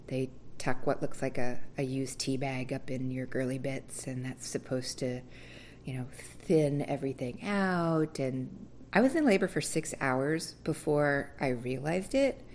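A woman telling her own birth story in a candid, wry, casual way, acting out voices with big leaps in pitch. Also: measured pace, a little mellow, slight background noise.

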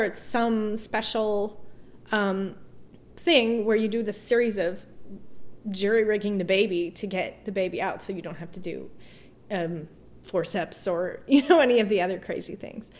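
Speaking in a mid-range voice, a woman tells a personal story as a guest in an interview. She's emotional and hesitant, breaking off to restart and letting out soft laughs.

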